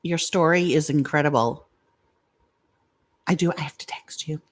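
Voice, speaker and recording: A woman's voice: deep voice, normal speed. Chatty middle-aged woman vlogging at home. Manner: rambling, confiding, chatty asides to chat. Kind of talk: chatty live vlog talking to viewers.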